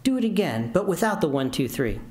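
A man's voice: fairly high pitch, big pitch swings, brisk, a little mellow, a little hiss or hum. A man reading as a whiny nervous man. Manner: whining. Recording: roomy lecture hall.

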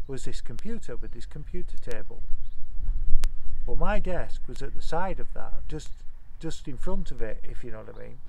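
A man's voice: medium pitch, gravelly, a little mellow, poor audio. A man in his forties reminiscing in a chatty, rambling way, telling anecdotes with casual dialect grammar. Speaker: off-grid homestead vlogger.

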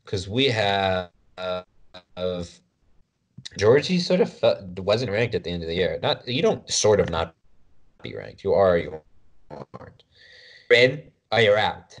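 A man with a very low voice talks casually on a podcast, joking and teasing his co-host as he reels off results. His delivery is loose and offhand, with names tumbling out one after another. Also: big pitch swings, unhurried, long pauses. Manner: loose, joking banter, rattles off wrestler names.

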